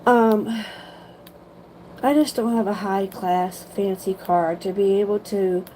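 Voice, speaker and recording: A young woman, telling a story to her livestream viewers in an animated way, swearing casually and saying "like" a lot. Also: medium pitch, takes it slowly, a little hiss or hum, poor audio. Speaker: livestream host.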